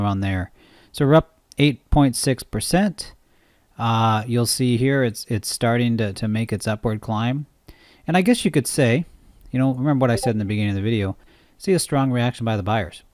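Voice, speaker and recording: A man's voice: on the low side, a little mellow, no room sound, clean studio sound. A man coaching trading in an unscripted screen-share tutorial, rambling and interrupting himself, often checking in with "right?". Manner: rambling, self-interrupting, asks listeners "right?".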